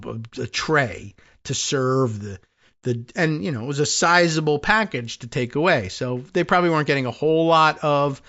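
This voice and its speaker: A man's voice: on the high side, a bit bright, lo-fi sound. Man rambling wryly in a casual monologue. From New Jersey. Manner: rambling, wry storytelling with many restarts. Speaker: podcast host.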